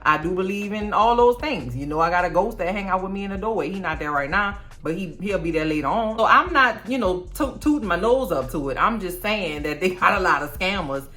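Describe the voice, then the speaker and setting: A woman's voice: lowish voice, animated, brisk, few pauses, a bit bright, soft background music. A young woman giving a sassy, slangy, opinionated recap of a TV episode. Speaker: TV recap vlogger. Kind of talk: casual TV recap commentary.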